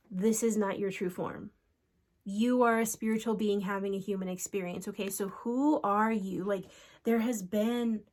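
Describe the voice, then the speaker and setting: A woman giving a solo spiritual card reading, speaking in an earnest, unhurried way and calling out to unseen spirits. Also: medium pitch, a little mellow.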